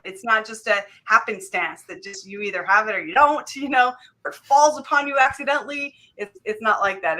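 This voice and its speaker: A woman's voice: fairly high pitch, sharp tone. A woman guest author speaking earnestly in a casual radio interview, with frequent fillers and light laughs.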